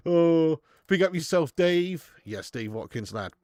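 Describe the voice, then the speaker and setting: Man, fan channel host, live match watch-along, chatty, swears, reads viewer messages, slightly high voice, dry close sound. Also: animated, takes it slowly, darkish tone, no room sound. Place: home garage streaming setup. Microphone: streaming setup.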